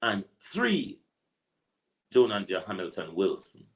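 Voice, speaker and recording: A man's voice: deep voice, big pitch swings, slow, fairly bright tone. A man with a Jamaican accent, an online political commentator delivering a preachy, repetitive rant full of rhetorical asides. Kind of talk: ranting monologue.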